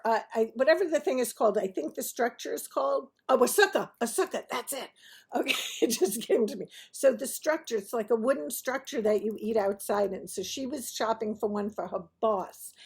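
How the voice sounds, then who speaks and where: A woman tells a personal anecdote in a loose, chatty way, laughing through the funny parts. Her voice sits a bit high, with a gravelly, slightly husky edge. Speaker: host of a restaurant review TV show. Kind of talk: casual anecdotal storytelling.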